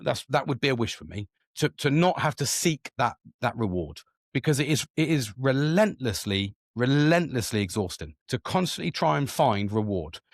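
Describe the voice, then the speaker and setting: A middle-aged man talking casually on his podcast, swearing freely and jumping into loud acted-out quotes as he tells his stories. His voice sits at an ordinary middle pitch, and the recording is dry and close, with no room sound. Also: lively intonation, normal speed, no room sound. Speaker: podcast host. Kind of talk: casual candid monologue.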